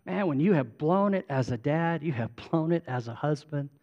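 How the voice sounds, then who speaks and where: A man preaching a sermon as a pastor, moving from emphatic declarations to a quiet, intimate prayer voice. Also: on the high side, animated, moderate pace, lo-fi sound.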